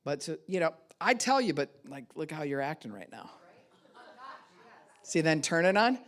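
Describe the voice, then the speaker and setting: A woman pastor giving a sermon who acts out both sides of arguments in sudden high voices and laughs often as she preaches. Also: sing-song, normal speed.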